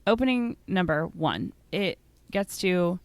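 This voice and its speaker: A woman's voice: on the low side, lively intonation, takes it slowly, no room sound. A woman co-hosting a podcast, chatting casually and giving strong opinions, often saying "like". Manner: chatty and opinionated, fills talk with "like". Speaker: podcast co-host. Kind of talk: casual chat about musical theater.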